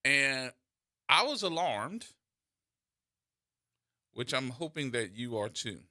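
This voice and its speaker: A man hosting a call-in radio show, telling stories in an animated way with repeats and restarts, into a studio microphone. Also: mid-range voice, slow pace, dry recording. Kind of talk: call-in talk radio monologue.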